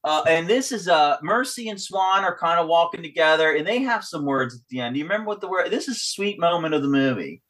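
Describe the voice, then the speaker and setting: A man's voice: a little high, quick pace, few pauses. A man hosting a podcast, animatedly talking through a film's ending in casual chat and acting out its lines. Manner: animated, acts out lines from the film. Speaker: podcast host. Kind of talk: casual film discussion.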